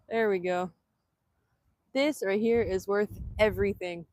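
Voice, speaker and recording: A woman vlogger chatting excitedly on a live stream outdoors, laughing often and filming on a handheld phone. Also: mid-range voice, measured pace, long pauses, no room sound, clean studio sound. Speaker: vanlife vlogger. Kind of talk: casual live-stream chat. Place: outdoors in Hawaii.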